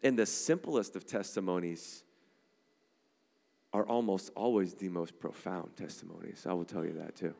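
A man preaching a sermon to a church congregation, energetic and conversational, often checking in with "all right?" and "amen?". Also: sits low, normal speed, gravelly. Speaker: pastor. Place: church sanctuary. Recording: long hall reverb.

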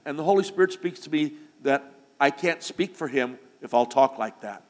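A man preaching a sermon to his congregation, building to loud, emphatic declarations. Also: on the high side, lively intonation, normal speed, long reverb tail. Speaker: pastor. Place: church sanctuary.

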